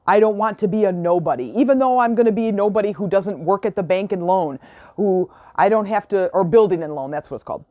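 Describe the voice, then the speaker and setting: A desperate man begs earnestly and plainly to live again, spoken by a woman retelling a film. The voice is mellow and a little low, in a dry, close recording. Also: lively intonation, fast, no room sound, highs cut off. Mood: pleading. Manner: pleading, earnest. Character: desperate man pleading for his life back.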